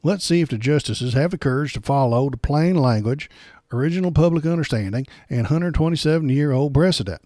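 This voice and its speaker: A man doing a pompous, bigoted Southern man in an exaggerated put-on Southern drawl. The voice is loud, self-righteous and mocking, pitched a little above his usual talk. It is recorded dry, with no room echo. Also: expressive, fairly quick, natural voice.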